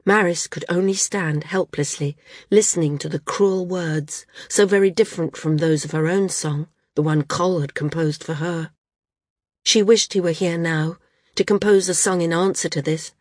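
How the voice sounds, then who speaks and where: A woman narrating a novel audiobook in a steady storytelling manner. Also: on the low side, no room sound, studio quality. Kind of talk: scripted narration.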